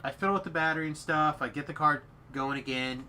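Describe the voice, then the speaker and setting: A man's voice: fairly high pitch, fast talker, bright, forceful tone, a little hiss or hum. A man casually telling a story, acting out what each person said in quotes. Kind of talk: casual chat.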